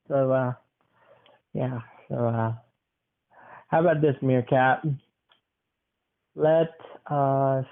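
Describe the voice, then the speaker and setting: A man's voice: mid-range voice, vocal fry, clear, resonant tone. A young man hosting a casual podcast, playfully asking his grandmother questions. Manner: playful, asks quick questions. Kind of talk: casual chat. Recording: tinny phone-like sound.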